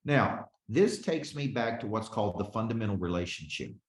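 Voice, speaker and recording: A man's voice: on the low side, lively intonation, normal speed, roomy sound. A man in his forties, a business coach teaching a live webinar with lots of energy, calling on listeners by name and often checking in with "okay?". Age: 40s.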